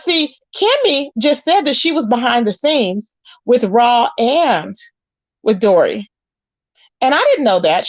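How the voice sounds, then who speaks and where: A woman with a high voice does casual live-stream commentary, reading chat aloud with sass and calling her viewers "child" and "honey." The recording is dull, lo-fi, and dry with no echo.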